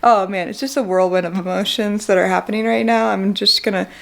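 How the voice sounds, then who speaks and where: A woman's voice: medium pitch, steady tone, brisk, vocal fry. A young woman giving an emotional vlog update, fighting back tears and laughing nervously as she talks. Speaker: vlogger.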